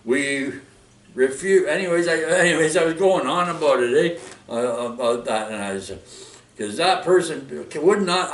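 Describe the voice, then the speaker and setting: A man with a Canadian accent ranting in a casual, rambling way, full of fillers, restarts and "eh". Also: fairly high pitch. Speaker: vlogger. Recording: echoey room, mic far off.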